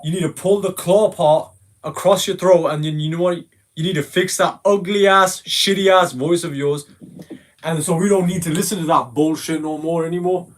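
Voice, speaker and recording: High-voiced man trash-talking. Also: steady tone, moderate pace. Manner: insulting, profane, mocking. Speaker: gamer in a voice call. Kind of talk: casual trash talk.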